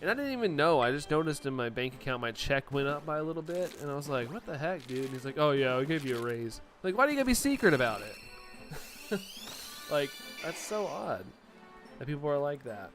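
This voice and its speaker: A man's voice: on the high side, very animated, a little fast, a bit bright, faint music behind. A young man live-streaming, chatting casually and laughing often as he reacts to viewer messages.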